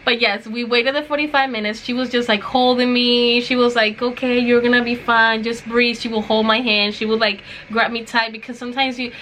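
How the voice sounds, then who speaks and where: A woman's voice: fairly high pitch, steady tone, fairly quick, hardly any pauses, sharp tone, slight background noise, poor audio. A young woman chatting casually to her vlog viewers, telling a story and acting out what others said. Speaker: vlogger.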